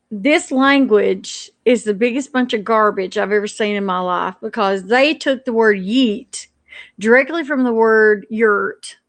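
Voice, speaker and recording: A woman's voice: mid-range voice, no echo. A woman ranting on a live stream, indignant and stumbling over her words as she restarts sentences.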